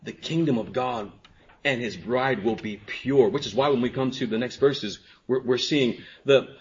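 A man preaching a sermon as pastor, dropping to quiet, drawn-out phrases and then rising to emphatic exclamations. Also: medium pitch. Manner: swings from hushed to emphatic, with stretched pauses. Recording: dull lo-fi sermon recording.

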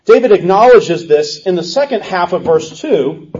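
A man delivering an expository sermon in a high, husky voice. He is earnest and deliberate, stretching out quoted verses and sinking low for reflective asides. The recording is dull and lo-fi. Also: lively intonation, darkish tone. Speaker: preacher. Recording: dull lo-fi sound.

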